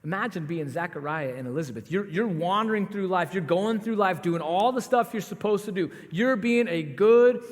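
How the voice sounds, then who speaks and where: A man preaching a sermon as pastor, telling the story in a conversational, animated way with asides to the congregation. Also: high voice, moderate pace, hardly any pauses. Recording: long hall reverb.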